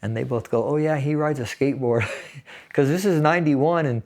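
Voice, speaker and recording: Here a sixty-something Navy veteran from San Fernando Valley, California, speaks in a mid-range, darkish voice at normal speed. He's casually telling a personal story in an interview and laughs his way through grim details.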